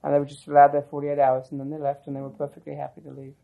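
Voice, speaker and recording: This interviewee speaks rapid-fire in a fairly high, gravelly voice with completely flat delivery, and the sound is phone quality. He rambles reflectively through a long personal oral history, frequently restarting and adding asides.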